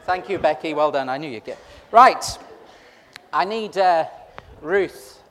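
A man's voice: on the high side, lively intonation, measured pace, fairly bright tone. A man preaching an interactive Easter sermon, chatty and teasing as he pulls the congregation in. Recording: long reverb of a large hall.

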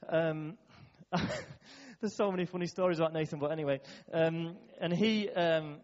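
A man's voice: a little high, fairly even intonation, moderate pace, darkish tone. Chatty man telling stories. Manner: chatty, laughing often, many fillers. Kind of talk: storytelling talk to a church audience. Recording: dull echoey hall.

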